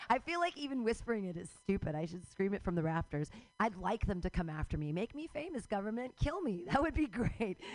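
Rambling middle-aged woman comic. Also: fairly high pitch. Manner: rambling, jumps into loud outbursts, laughs at her own jokes. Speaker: stand-up comedian. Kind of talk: stand-up comedy set. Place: live comedy show.

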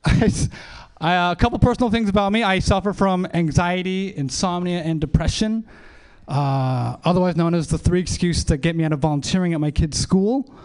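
A man's voice: sits high, brisk, darkish tone, clear, resonant tone. A man in his thirties doing a rambling, self-deprecating stand-up set and hosting a show at a small comedy venue.

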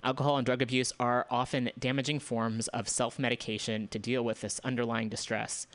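A man's voice: medium pitch, fairly bright tone, dry recording. A man hosting a community radio show, running through news items in a loose, casual way, with asides and restarts. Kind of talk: casual news roundup and commentary.

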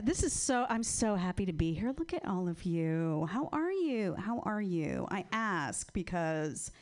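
A woman doing a stand-up set on a club stage with a handheld mic, in a dry, sarcastic, drawn-out delivery. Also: on the low side, clean tone. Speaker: stand-up comedian.

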